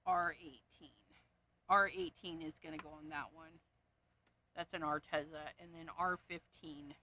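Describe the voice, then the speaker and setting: A woman's voice: sits low, fairly even intonation, measured pace, sharp tone, slight background noise. A woman hosting a crafting livestream, casually talking to herself as she sorts markers and reads off their codes, and easily amused by her own jokes. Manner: muttering, reading off codes to herself. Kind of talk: casual livestream chat while sorting markers.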